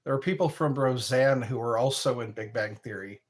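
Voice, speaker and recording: A man's voice: medium pitch, normal speed. A man hosting a livestream, chatting casually with viewers in a rambling way and chuckling often. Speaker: livestream host. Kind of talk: casual chat answering viewer comments.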